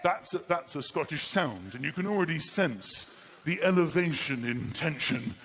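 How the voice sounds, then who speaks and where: A man doing live stand-up comedy, animated and self-mocking. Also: fairly high pitch, normal speed. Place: comedy stage before an audience. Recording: loud live-venue background noise.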